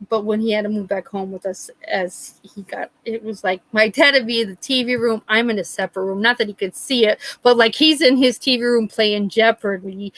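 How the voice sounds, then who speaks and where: A woman's voice: mid-range voice, dry recording, poor audio. A middle-aged woman hosting a live chat, telling a story casually and animatedly. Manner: animated, acts out quoted voices.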